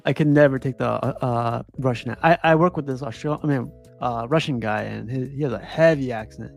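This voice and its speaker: A man's voice: mid-range voice, a little fast, gravelly, faint music behind. A man in casual chat, easygoing and joking, laughing often.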